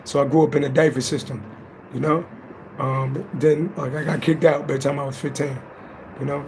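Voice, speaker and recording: A man with a high-pitched, slightly mellow voice hosts a live psychic stream, exchanging playful rhyming roasts and reading aloud from a spiritual text.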